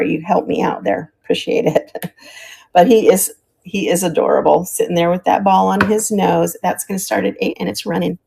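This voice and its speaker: Selling vintage items on a live stream, an older former teacher chats in a friendly, relaxed manner, pausing at times to find her words as she describes each piece. She speaks at normal speed in a low, dark, slightly rough voice with vocal fry and fairly even intonation.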